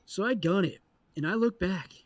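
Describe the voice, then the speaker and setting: Casting note: male podcast co-host, a bit high-voiced, cusses freely, tells stories with animated energy. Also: normal speed, no room sound. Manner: animated, profane, acts out people in the story. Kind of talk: casual storytelling chat.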